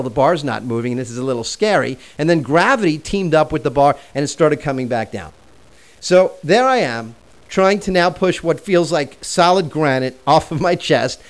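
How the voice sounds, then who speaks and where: A man in his forties telling a personal story in a conversational way while teaching a self-help lesson. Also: on the high side. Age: 40s.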